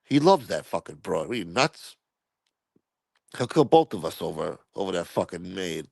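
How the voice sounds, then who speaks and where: A man's voice: sits low, very animated, moderate pace, creaky, a little mellow, dry recording, voice pushed down, full character voice. A man voicing an exasperated male mobster who scolds and swears.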